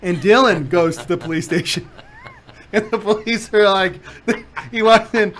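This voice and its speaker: Unhurried and high-voiced, a man hosting a podcast tells stories in easygoing chat. He acts out what people said and often laughs.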